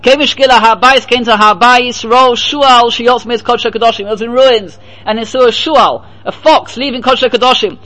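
High-voiced man teaching a Talmud lesson. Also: brisk, hardly any pauses, low-quality recording. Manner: mixes quoted Aramaic and Hebrew phrases with English explanation; storytelling, grows animated at emotional points. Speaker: Torah teacher.

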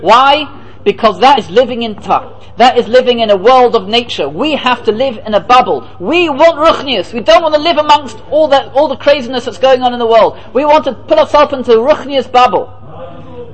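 A very high-voiced man gives a Torah lecture as a rabbi, and the audio is poor. He's lively, posing rhetorical questions and answering them himself, and he acts out the people he quotes by slipping into their voices.

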